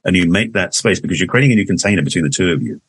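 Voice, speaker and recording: Deep fast-talking English man. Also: animated, slightly rough, dry recording. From England. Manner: rambling, restarts often, laughs easily. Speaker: guest. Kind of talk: casual interview conversation.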